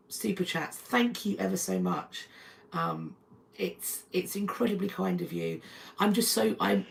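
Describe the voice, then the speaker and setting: A woman talks on a live stream from home. Her mid-range voice has a gravelly fry, and her delivery is chatty, restarting sentences as she thanks viewers by name. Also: mid-range voice, low-quality recording. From North London, England. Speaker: history channel host.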